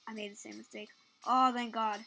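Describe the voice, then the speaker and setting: A young woman giving excitable, casual commentary while playing a game, yelping at near misses. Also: on the high side, brisk, gravelly, soft background music. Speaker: gaming channel host.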